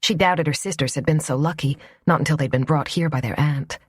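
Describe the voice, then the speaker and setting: A woman narrating a romance audiobook in a soft, even storytelling voice. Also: low-pitched, brisk, husky, no echo, clean studio sound.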